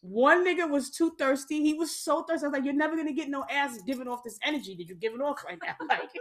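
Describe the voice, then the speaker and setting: A woman in her thirties tells a raunchy story in casual chat, laughing and swearing freely as she goes. Her voice sits high and lively. She talks with big energy and plenty of profanity. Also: fast talker. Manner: profane, animated storyteller who laughs often.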